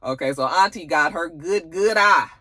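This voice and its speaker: A woman's voice: moderate pace, no echo. A woman casually recapping a TV episode, cursing and acting out the characters' lines. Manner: animated, profane, acts out characters' lines with big pitch jumps. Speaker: TV review vlogger.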